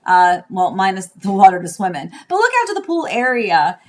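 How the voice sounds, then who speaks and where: A woman's voice: medium pitch, very animated, brisk. A woman who is a real estate agent hosting a casual live stream from her home, chatty and rambling as she talks. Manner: chatty and rambling, with many restarts.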